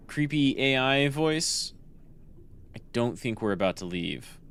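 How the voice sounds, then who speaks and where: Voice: mid-range voice, animated, unhurried, fairly bright tone. A VTuber streamer giving casual gameplay commentary, thinking aloud and swearing freely. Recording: noisy game sound behind.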